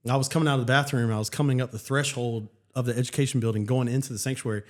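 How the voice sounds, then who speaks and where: A man's voice: mid-range voice, fairly even intonation. Earnest pastor telling his story. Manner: earnest, halting, many restarts. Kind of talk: personal testimony in casual chat.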